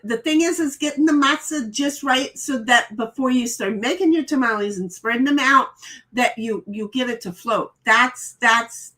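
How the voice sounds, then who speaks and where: A woman's voice: a little high, bright, forceful tone. A middle-aged woman hosting a casual live stream, reading chat messages aloud and chatting about them with frequent stammered restarts.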